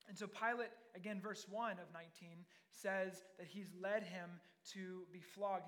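A man's voice: high voice, fairly bright tone. A man preaching a sermon, reading scripture aloud and then explaining it with earnest, building intensity.

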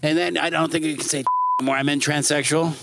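A man's voice: on the high side, flat delivery, quick pace, gravelly, noisy background. A man on a podcast, joking and laughing often in casual chat recorded in a car. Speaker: podcast guest.

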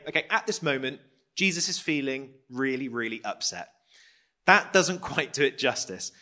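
Bright-voiced preacher. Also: male voice, a little high. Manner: reads scripture, then explains it casually and asks the audience questions. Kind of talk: conversational Bible study sermon.

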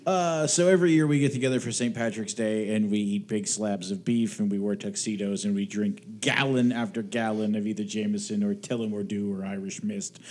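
A man's voice: medium pitch, darkish tone. A man co-hosting a podcast from his home studio, chatting casually, joking and swearing now and then. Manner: jokey, swears casually, chuckles often. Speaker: podcast co-host. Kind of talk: casual chat.

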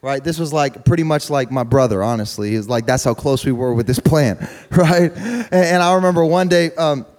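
A young man preaching a sermon through a funny personal story, chatty and repetitive, building to loud preaching. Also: fairly high pitch, moderate pace. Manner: conversational, humorous, repeats words, rises to loud preaching.

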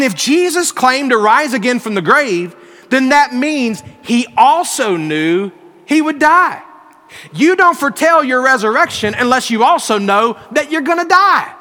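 High, bright-voiced preaching man. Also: long reverb tail. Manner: earnest storytelling with emphatic rises. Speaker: pastor. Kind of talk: sermon.

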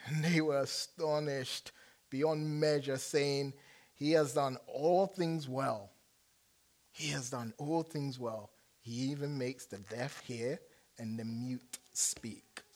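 A middle-aged man from London with an English accent, preaching a sermon and chatting with his congregation in an animated, joking way. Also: a little high. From England. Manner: animated, jokey, engaging the congregation with questions. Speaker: pastor. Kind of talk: sermon with scripture reading. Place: church in front of a congregation.

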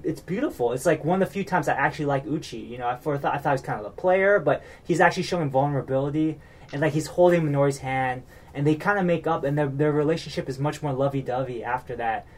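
An American man with a fairly high-pitched voice recaps a reality show, getting worked up as he goes. His casual chat rambles, full of fillers and restarts.

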